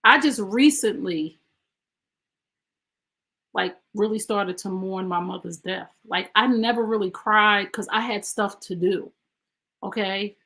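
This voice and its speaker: A woman's voice: mid-range voice, takes it slowly, long pauses, fairly bright tone. Emphatic woman telling a personal story. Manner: emphatic, conversational, speaking straight to listeners. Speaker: podcast host.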